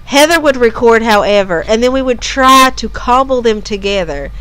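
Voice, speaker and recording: A woman's voice: a little high, animated, moderate pace, fairly bright tone, clear, resonant tone. A woman co-hosting a podcast in casual chat, rambling with frequent restarts. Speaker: podcast co-host.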